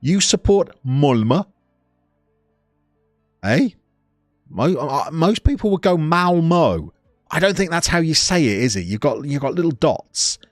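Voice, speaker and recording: A man of about forty-two with a West Midlands accent, reading out chat comments on a live stream and teasing viewers. His pitch swings up and down as he talks, and the sound is close and dry, with faint music underneath. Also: a bit bright, dry recording. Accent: West Midlands English. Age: 40s. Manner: jokey, teasing banter with viewers.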